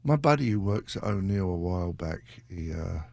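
Between songs, a radio DJ in his sixties rambles and jokes casually, now and then launching into a sudden high-pitched shout. His voice has lively intonation and vocal fry at a moderate pace, captured dry on a studio mic.

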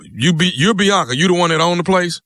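A man's voice: sits high, brisk, bright, forceful tone, dry recording, studio quality. A man making a prank call on the radio, complaining belligerently and repeating himself. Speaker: prank caller.

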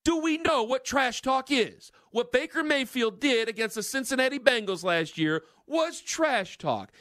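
Guy on sports radio going off, high voice, dry studio mic, really emphatic. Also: expressive, measured pace, a bit bright, dry recording. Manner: emphatic, ranting, fired-up. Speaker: sports talk radio host. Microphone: studio microphone.

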